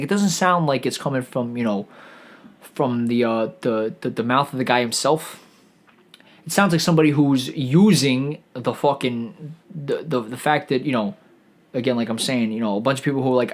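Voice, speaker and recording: A man's voice: medium pitch, fairly quick. A man streaming a rambling, profane comedic rant, full of stammered restarts and swearing.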